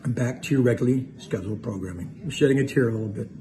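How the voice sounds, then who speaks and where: A man's voice: medium pitch, rapid-fire, crowd noise. A man casually telling a story about himself, rambling and self-mocking, with lots of fillers. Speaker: musician telling a tour story.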